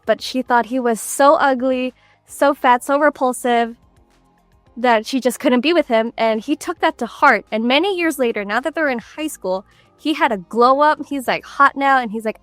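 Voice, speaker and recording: A young adult woman speaks as an interview guest, her voice sitting fairly high. She tells stories with animation and lots of laughter, recorded dry with faint music in the background. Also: no room sound. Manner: animated storytelling with frequent laughs. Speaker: voice actress guest. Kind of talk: casual interview chat.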